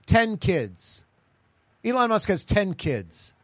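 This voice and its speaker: Chatty New Orleans radio host. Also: male voice, high voice, big pitch swings, slow pace, a bit bright, no room sound. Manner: rambling, chatty, digressive. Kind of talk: casual radio talk.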